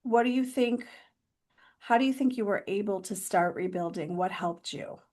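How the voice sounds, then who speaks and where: A woman hosts a podcast interview, asking her questions in an encouraging, supportive way. Her voice sits at an ordinary pitch for a woman. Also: moderate pace, a little mellow. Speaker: podcast host. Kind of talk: interview conversation.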